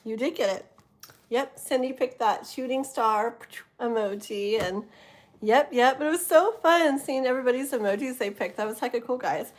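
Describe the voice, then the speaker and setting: A woman's voice: a little high, normal speed, a little hiss or hum. A middle-aged woman hosting a live tarot stream, chatting casually with viewers in a rambling way with many fillers. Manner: chatty, rambling, lots of fillers, laughs often.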